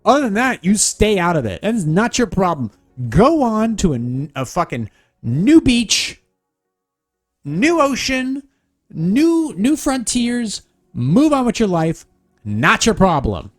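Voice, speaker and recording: A man's voice: sits high, big pitch swings, moderate pace, faint music behind. A man hosting a solo podcast, giving blunt, sarcastic advice full of swearing. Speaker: podcast host.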